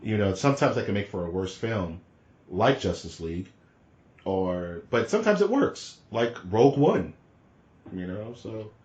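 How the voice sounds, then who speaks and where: Man, low-ish voice, podcast co-host, excitable rambling slang, roomy echo. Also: normal speed, lo-fi sound. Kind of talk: casual chat.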